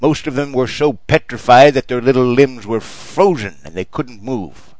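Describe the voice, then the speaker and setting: A man's voice: medium pitch, animated, moderate pace, a little mellow, no echo, low-quality recording. A man preaching a mock sermon in a storytelling manner.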